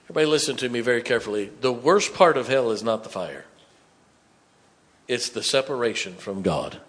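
Man, pastor, sermon, bright forceful tone, hushed then booming. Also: lively intonation, brisk. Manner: preacherly, swings from hushed to loud.

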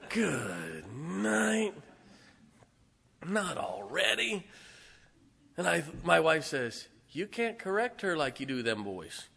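Bright, forceful preacher in a reverberant hall. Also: male voice, a little high, huge pitch swings, slow pace, creaky, pauses often, husky. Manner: folksy, joking asides with the congregation. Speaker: pastor. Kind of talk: conversational sermon. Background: congregation responding.

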